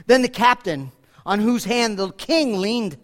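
A man's voice: sits high, animated, a little slow. A man preaching a sermon, repeating himself and restarting phrases, lifting his voice when he quotes scripture. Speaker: pastor.

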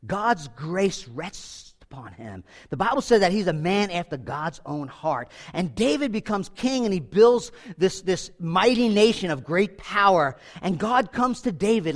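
A man preaching a sermon, animated and conversational, acting out quick voices for the people in his Bible stories. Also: high-pitched. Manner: animated, acts out voices of biblical figures. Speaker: pastor.

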